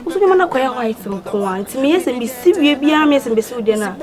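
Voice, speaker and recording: A woman's voice: high-pitched, lively intonation, quick pace. A woman playing a defensive Ghanaian younger sister.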